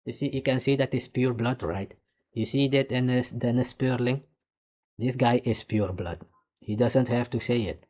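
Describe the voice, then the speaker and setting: A man's voice: mid-range voice, normal speed, darkish tone. A man from Suriname with a Surinamese accent, lecturing the viewer in heated, repetitive reaction commentary. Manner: heated, lecturing, repeats "you see" and "nigga". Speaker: commentator reacting to archive clips.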